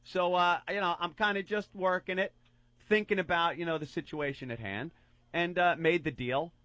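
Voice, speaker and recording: A man co-hosting a radio show in casual chat, telling a crude story in an animated way and acting out the quotes, on a studio microphone. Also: high-pitched, moderate pace, dry recording.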